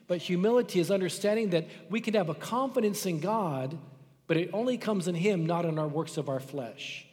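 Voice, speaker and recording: A man's voice: high voice, a little mellow, long reverb tail. A middle-aged man preaching a sermon in a church, impassioned, acting out quoted voices. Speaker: pastor. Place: church sanctuary.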